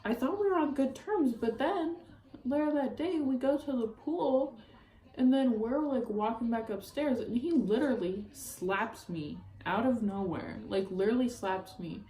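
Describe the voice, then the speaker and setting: A woman's voice: fairly high pitch, unhurried, dark tone. A young woman telling a heated personal breakup story as a vlogger, profane and full of "like". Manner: heated, profane, filler-heavy retelling. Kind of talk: casual storytime. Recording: roomy echo, faint ambient noise.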